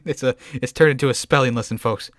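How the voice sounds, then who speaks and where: A man's voice: mid-range voice, fast talker, no room sound, studio quality. A man hosting a podcast in casual chat, playing a teasing quiz-master. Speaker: podcast host.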